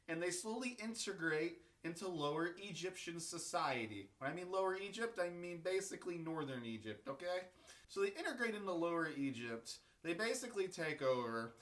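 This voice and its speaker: Crude joking history vlogger, bright voice that swings up and down a lot. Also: medium pitch. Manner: irreverent, crude, rambling. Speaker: history video host. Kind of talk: casual comedic storytelling.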